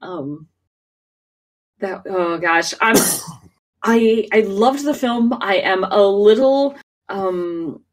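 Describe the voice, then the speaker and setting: A woman's voice: medium pitch, drawn-out words, long pauses, far from the mic. A woman co-hosting a podcast in casual chat, talking loosely with many fillers and restarts and laughing often. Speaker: podcast co-host.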